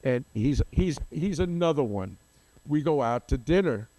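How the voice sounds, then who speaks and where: A man's voice: a little high, lively intonation, normal speed, dark tone, no echo. An older man, a photographer guest, telling long rambling anecdotes in an interview, often losing names and restarting.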